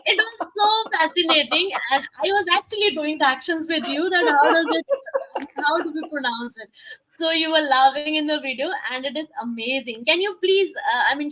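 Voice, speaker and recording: A woman's voice: sits high, normal speed, sharp tone, low-quality recording. A woman hosting a talk show, asking enthusiastic, admiring questions. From India. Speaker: host.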